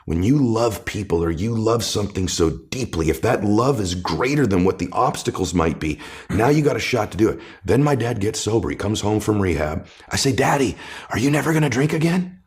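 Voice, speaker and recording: A man's voice: fairly low pitch, expressive, a little fast. A man speaking as a guest author in an interview, giving impassioned motivational talk that builds with repeated, rising phrases.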